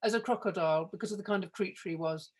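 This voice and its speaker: A woman author, a guest on a podcast, chatting in a relaxed way and laughing easily. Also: mid-range voice, rapid-fire, breathy edge. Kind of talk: casual interview chat.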